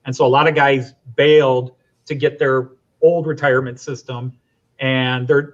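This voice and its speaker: A man's voice: mid-range voice, lo-fi sound. A middle-aged man, a teacher, chatting and explaining at length as a guest on a casual stream. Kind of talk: casual storytelling.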